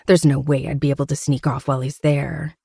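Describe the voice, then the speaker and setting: Brief: host narrating a novel, mellow dark tone, steady intimate delivery. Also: medium pitch, fairly quick, creaky, breathy edge, no echo, clean studio sound. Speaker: podcast host reading a novel. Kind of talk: first-person audiobook narration.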